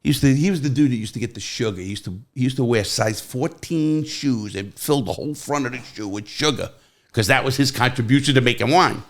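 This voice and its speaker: A middle-aged man hosting a podcast, telling stories in casual chat and jumping to loud, high quotes. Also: a little fast. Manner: animated storyteller, jumps to loud high quoting. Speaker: podcast host.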